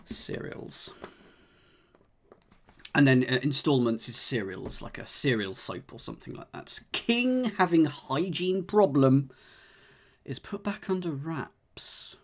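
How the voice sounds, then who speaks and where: A man's voice: mid-range voice, sing-song, takes it slowly, a little hiss or hum. A man solving a cryptic crossword on a live stream, chatting and joking with his viewers as he thinks aloud. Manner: chatty, jokey, thinks aloud, talks to chat. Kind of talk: casual live-stream chat.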